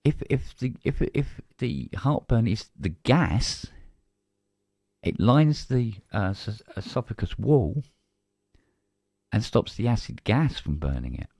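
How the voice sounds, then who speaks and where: A man's voice: lowish voice, sing-song, slow pace, vocal fry, a little mellow, slightly rough, no echo, clean studio sound. A man with a British accent, co-hosting a casual live-stream chat and telling a story by acting out both sides of a conversation. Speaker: co-host.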